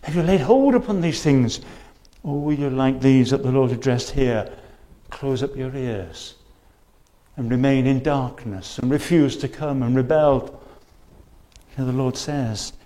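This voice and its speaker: A man's voice: medium pitch, unhurried, mellow. A man preaching a sermon in church, earnestly pressing his listeners with repeated questions and quoting scripture. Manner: earnest, urgent appeals, repeated rhetorical questions; quotes scripture in old-fashioned wording.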